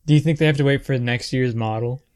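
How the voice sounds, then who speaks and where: A man's voice: medium pitch, normal speed, darkish tone. A man co-hosting a podcast in casual chat, playfully posing joking questions. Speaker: podcast co-host.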